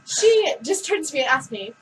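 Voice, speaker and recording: A teenage girl chatting casually on a vlog, giggly and animated as she tells stories. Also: high-pitched, moderate pace, recorded from a distance, a little hiss or hum, rough recording. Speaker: vlog co-host. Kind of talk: casual chat.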